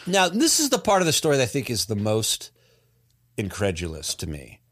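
A man's voice: lowish voice, huge pitch swings, brisk, a bit bright, dry recording, studio quality. A man hosting a casual podcast, telling a story with many fillers and restarts. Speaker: podcast host. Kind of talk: casual chat.

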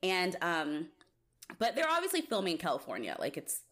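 Woman co-host, low-ish voice with lots of swing, wry and quick. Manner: animated, joking, quick asides. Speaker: podcast co-host. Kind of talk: casual chat.

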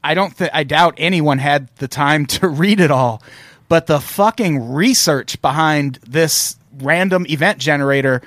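A man co-hosting a podcast in casual comedic chat, animated and sarcastic, swearing freely. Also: on the high side, measured pace, dry recording. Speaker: podcast co-host.

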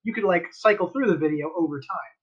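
A man's voice: high voice, fast, breathy edge, highs cut off. A man co-hosting a podcast, chatting casually and explaining at length. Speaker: podcast co-host. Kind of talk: casual chat.

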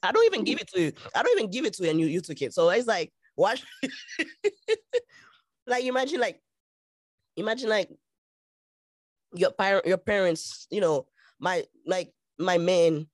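Haitian-born woman co-host, blunt and giggly, halting delivery, dry close sound. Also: medium pitch, expressive, no echo. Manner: frank, laughs often, halting restarts. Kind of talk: casual chat.

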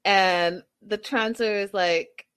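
A woman gives a casual, animated recap of a reality show, acting out quotes and laughing along the way. Her voice is medium-pitched, smooth and slow-paced.

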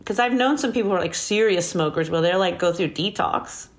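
A woman's voice: on the low side, fairly quick. A woman guest telling a story in a casual interview, laughing often and acting out what people said. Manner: animated, laughing often, acts out quoted lines.

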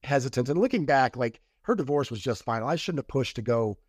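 A man's voice: mid-range voice, expressive, a little fast, a little mellow, slightly rough, dry recording, clean studio sound. Man recounting a past relationship. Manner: rambling retelling with quoted dialogue and restarts. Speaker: podcast guest. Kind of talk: casual storytelling interview.

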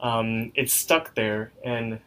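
A man's voice: mid-range voice, steady tone, takes it slowly, a bit bright. A man co-hosting a podcast, loosely retelling the plot with plenty of ums and likes. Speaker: podcast co-host. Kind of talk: casual episode recap.

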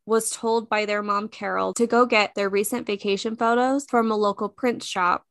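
A woman's voice: mid-range voice, fairly even intonation, normal speed, no room sound. Chatty woman podcaster going through a true crime case, dry close sound. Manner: chatty, many "like" fillers, shifts speed. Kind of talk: casual storytelling chat.

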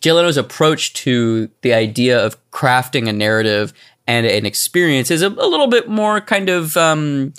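A man co-hosting a podcast, talking in a casual, animated and rambling way with lots of restarts. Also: medium pitch, normal speed, smooth. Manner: animated, rambling with restarts, slips into mock voices. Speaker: podcast co-host. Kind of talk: casual chat.

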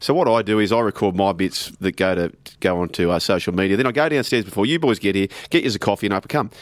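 A man's voice: on the low side, quick pace, dry recording. Teasing Australian co-host man. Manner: teasing, banter-driven. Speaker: sports show co-host. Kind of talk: casual chat.

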